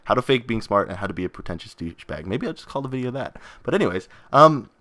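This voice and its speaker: A man's voice: medium pitch, sing-song, fast, sharp tone, no room sound. A young man hosting a gaming video in casual, rambling vlog chat, self-mocking and often laughing.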